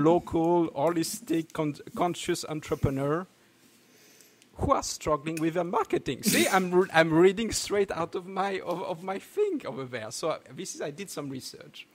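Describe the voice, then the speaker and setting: A man with a French accent hosting a casual podcast, halting and laughing, full of restarts. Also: a little high, lively intonation. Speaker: podcast host.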